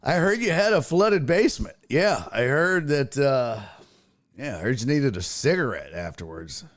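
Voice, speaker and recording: A man hosting a sports podcast, chatting casually, excitable and profane, often laughing and imitating voices. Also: medium pitch, moderate pace.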